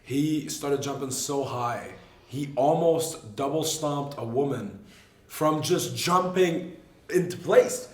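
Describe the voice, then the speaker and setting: A man hosting a casual chat, amused and quick to chuckle. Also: mid-range voice, a little mellow. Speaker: show host. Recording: echoey room.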